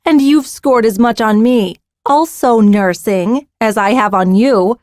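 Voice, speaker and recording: A playful young swordswoman speaks with calm confidence, as a woman reads her part. The recording is close and dry. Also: fairly high pitch, a little slow, dry recording, pitched above the performer's own voice, lightly acted. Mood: confident.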